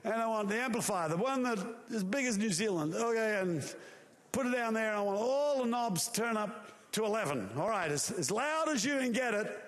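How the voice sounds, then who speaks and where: A man voicing God as a booming commander who shouts excited orders. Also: moderate pace, in a large hall. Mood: commanding.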